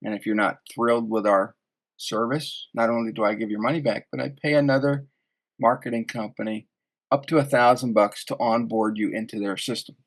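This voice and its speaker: A man hosting a podcast, talking in a relaxed, conversational way about his own business. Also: medium pitch, fairly quick. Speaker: podcast host. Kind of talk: casual interview chat.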